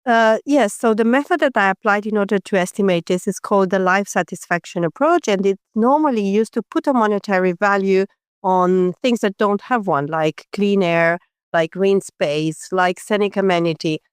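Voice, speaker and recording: Female academic guest, measured explainer, smooth clear tone, dry sound. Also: mid-range voice, no room sound. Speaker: economist guest. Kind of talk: explaining research in an interview.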